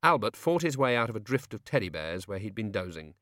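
A man narrating a story as an audiobook, steady and wry. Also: on the low side, fairly quick, dry recording, clean studio sound.

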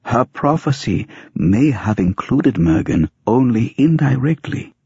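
A man voicing a grave older clan uncle who speaks in a low, solemn mutter. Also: very animated, a little slow, dark tone, slightly rough, no echo, full character voice. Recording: dry, dull muffled audiobook recording.

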